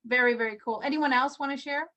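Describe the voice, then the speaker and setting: A woman's voice: high-pitched, fast talker, sharp tone. A woman leading a group video call as a motivational coach, enthusiastic and encouraging, full of rhetorical questions.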